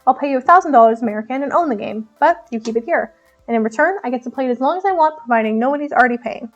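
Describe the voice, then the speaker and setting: A wealthy man fixated on beating an arcade high score answers in short, calm, slightly smug phrases, as a woman reading a game aloud does him. The voice stays high and relaxed. Quiet music hums in the background. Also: racing, highs cut off. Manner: curt, calm, a little smug.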